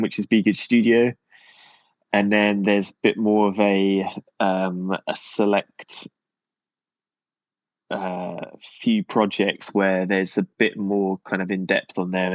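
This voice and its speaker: A man's voice: on the low side, no echo, dull audio. Self-deprecating British man from Cornwall. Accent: British English. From Cornwall, England. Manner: self-deprecating, hesitant, many fillers. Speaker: podcast guest, designer. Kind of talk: casual podcast chat. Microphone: remote call.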